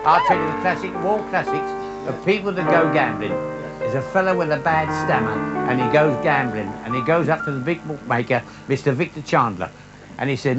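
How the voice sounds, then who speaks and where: A man's voice: medium pitch, lively intonation, fairly quick, a bit bright. A man chatting through a joke at a piano party. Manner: chatty anecdote teller. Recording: dull late-80s recording with music.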